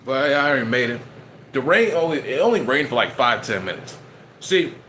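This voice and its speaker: A man's voice: mid-range voice, animated, brisk, sharp tone, slight background noise. A man, streaming and chatting casually to his viewers, rambling and joking as he eats. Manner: rambling, joking, talks while eating.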